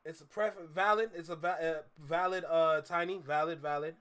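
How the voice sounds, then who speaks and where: A man's voice: a little high, steady tone, normal speed, a bit bright, clear, resonant tone. A man hosting a live stream while driving, casually greeting viewers in slang. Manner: laid-back, greets chatters, slangy. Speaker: livestream host. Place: in a car, driving.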